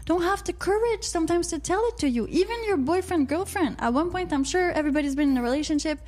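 Wysoki, rozgadany kobiecy głos radiowy. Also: female voice, extremely high pitch, fast, a little mellow. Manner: chatty, reads out live chat comments. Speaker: radio show co-host. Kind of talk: casual radio chat.

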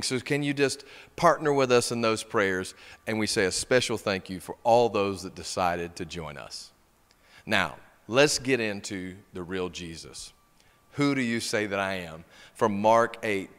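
A man's voice: fairly low pitch, moderate pace, fairly bright tone, smooth. A male pastor preaching a sermon, reading scripture and stressing key words with emphasis. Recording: long hall reverb.

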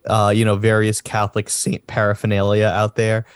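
A man co-hosting a podcast, talking in a rambling, halting way in casual chat. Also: lowish voice, monotone, smooth, no echo. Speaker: podcast co-host.

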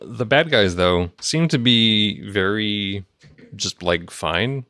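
A man's voice: lowish voice, expressive, slow pace, pushed and bright, no echo, studio quality. A man co-hosting a podcast, chatting casually about a TV episode, wondering aloud and chuckling. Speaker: podcast co-host. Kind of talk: casual chat recapping a TV episode.

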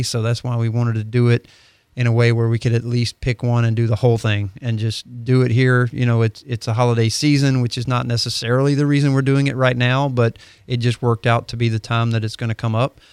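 A man's voice: medium pitch, brisk, clean tone, no echo. A man who is a heating and air-conditioning expert, explaining things steadily on a radio talk show. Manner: steady, explanatory, with filler ums. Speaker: HVAC company guest expert. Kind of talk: casual radio chat.

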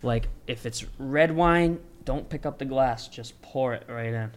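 A man's voice: mid-range voice, unhurried. A man hosting a podcast, joking around and laughing often, casual and chummy. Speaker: podcast host.

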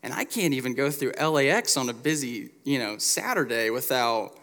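A man's voice: medium pitch, lively intonation, normal speed, pushed and bright. Young man preaching in a reverberant church. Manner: self-deprecating, conversational. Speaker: pastoral resident preaching. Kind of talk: sermon with personal story. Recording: long hall reverb.

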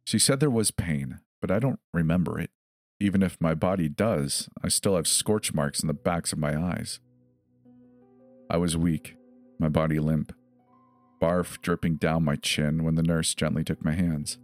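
A deep-voiced man narrates a scripted horror story in a measured, grave manner. His low tone sits over faint background music.

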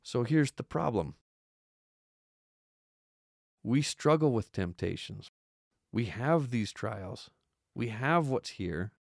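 Slow earnest man teaching scripture. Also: medium pitch, animated, vocal fry, dry recording, studio quality. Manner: earnest, repeats words, slow emphatic stresses. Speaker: podcast host teaching scripture. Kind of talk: religious study talk.

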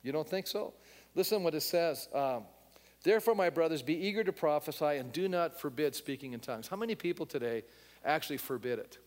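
Emphatic man preaching in a reverberant hall. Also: fairly high pitch. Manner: conversational, asks the congregation questions; emphatic and blunt. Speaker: pastor. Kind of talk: sermon.

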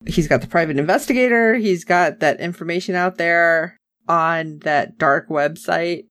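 A woman's voice: on the low side, a little slow, fairly bright tone, dry recording, clean studio sound. A woman chatting casually as a podcast co-host, recapping a TV episode with sarcasm and acting out the characters' lines.

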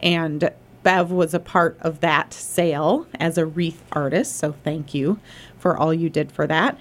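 A woman's voice: sits low, fairly even intonation, a little slow. Chatty New woman hosting radio. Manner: chatty and enthusiastic, thanks people. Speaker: radio show host. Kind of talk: casual radio chat.

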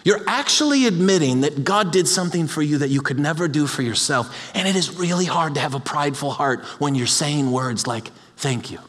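A man preaching a sermon in an animated, humorous way, often repeating words as he goes. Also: a little high, brisk, hardly any pauses. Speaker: pastor. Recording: long hall reverb.

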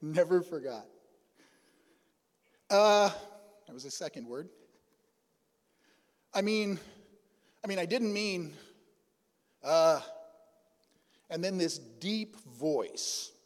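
A man preaching from the pulpit in a relaxed, folksy storytelling way, full of asides and pauses. His voice sits fairly high for a man. The sound rings out with a long reverb through a big church hall. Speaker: pastor. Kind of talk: storytelling sermon. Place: church sanctuary.

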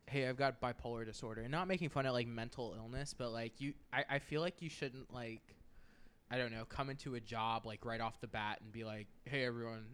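A man's voice: mid-range voice, fairly quick, a bit bright, clear, resonant tone. A young man hosting a podcast, chatting casually and telling rambling, profane stories, often mimicking coworkers. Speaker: podcast host. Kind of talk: casual chat.

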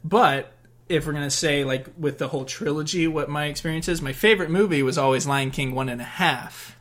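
A man's voice: on the high side, fairly quick, a bit bright. A man in his twenties, a guest on a podcast, chatting in an easygoing, rambling, upbeat way. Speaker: podcast guest, actor and singer. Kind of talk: casual podcast chat.

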